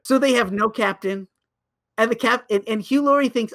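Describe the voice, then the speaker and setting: A man's voice: very high voice, normal speed. A man co-hosting a podcast, casually and animatedly retelling a series with lots of restarts. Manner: animated storyteller, many restarts. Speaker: podcast co-host. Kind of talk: casual chat.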